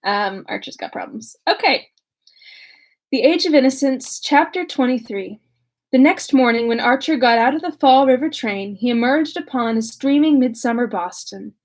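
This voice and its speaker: A woman's voice: fairly high pitch, moderate pace. Chatty young woman reading a novel aloud. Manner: chatty and self-mocking, many fillers. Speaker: audiobook reader. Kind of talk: casual chat, then reading a novel aloud.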